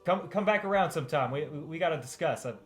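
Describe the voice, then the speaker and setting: A man's voice: fairly high pitch, animated, fast, soft background music, natural voice. A man voicing a friendly town gate guard with a chummy, casual manner.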